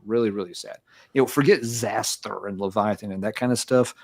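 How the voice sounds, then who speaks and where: Rambling low-voiced man talking music. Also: fairly quick, gravelly. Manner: rambling, many fillers and restarts. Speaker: podcast co-host. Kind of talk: casual music review chat.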